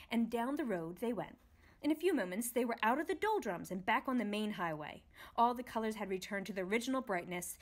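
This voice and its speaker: Woman, library book-club reader, animated read-aloud for kids. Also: medium pitch. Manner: expressive, gentle storytelling. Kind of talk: reading a children's book aloud.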